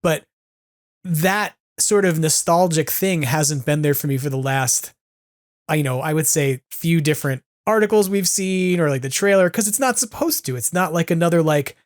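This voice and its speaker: A man hosting a podcast with a slightly higher voice than most men. He talks in an enthusiastic, rambling way, full of "like"s. His sound is dry and close, with no room at all. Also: lively intonation, normal speed, no room sound. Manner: enthusiastic, rambling, heavy use of "like". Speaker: podcast host. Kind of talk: casual fan chat.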